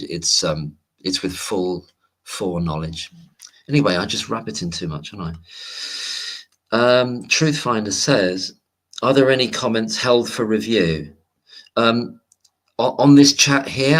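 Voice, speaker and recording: A man's voice: sits low, fairly bright tone. A man hosting a late-night livestream, chatting casually and wandering off-topic while he reads out viewer comments. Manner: rambling and digressive, reads viewer comments aloud. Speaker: livestream host.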